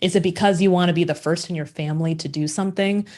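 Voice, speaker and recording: A woman in her forties from Minnesota, telling her story as a podcast guest with lively rhetorical questions. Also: fairly low pitch, fast talker. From Minnesota, USA. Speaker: podcast guest, agency founder. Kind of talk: casual interview storytelling.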